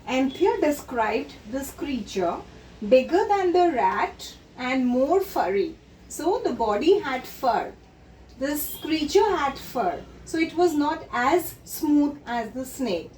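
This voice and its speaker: In a sing-song, slightly mellow high voice, a woman slowly takes children through a story, patiently explaining word meanings. She's heard from some way off in an echoing room with a faint noise behind her.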